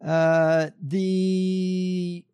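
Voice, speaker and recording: A man's voice: sits high, level tone, drawn-out words, dark tone, clean tone. A man from the United States hosting a casual comedy chat, reading news items aloud with a wry tone. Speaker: podcast host.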